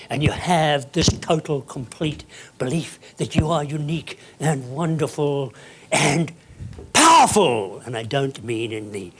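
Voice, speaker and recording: Slow, husky man giving a motivational speech. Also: mid-range voice. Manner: dramatic, emphatic, with sudden soft drops and loud bursts. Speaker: keynote speaker.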